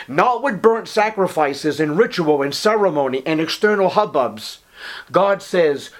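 Man, preacher, sermon, fairly high voice, pleading, hushed then ringing. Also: lively intonation, a little slow. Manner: swings from hushed to ringing emphasis; reads scripture in old-fashioned wording.

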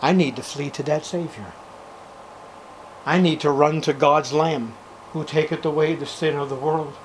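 An older man preaching a sermon at a church service, fervent, swinging between loud outbursts and hushed passages. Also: a little high, fairly even intonation, moderate pace, slight background noise, poor audio.

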